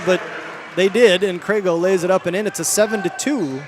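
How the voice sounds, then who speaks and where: High-voiced play-by-play man, noisy gym. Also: a crowd in the background. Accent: Michigan. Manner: quick play calling, rising for big plays, self-correcting names. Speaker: play-by-play announcer. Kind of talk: live basketball commentary. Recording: gym ambience, bouncing ball noise.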